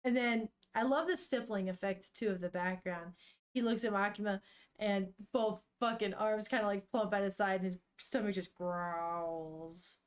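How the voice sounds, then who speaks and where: A woman's voice: medium pitch, fairly even intonation, moderate pace. A woman streamer reading a manga aloud and chatting casually with her viewers, laughing often and swearing now and then.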